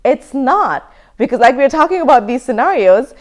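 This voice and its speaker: A woman in her thirties teaching self-defense in an emphatic, energetic lecture style. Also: high voice, normal speed. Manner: emphatic, energetic, laughs now and then. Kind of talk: online course lecture.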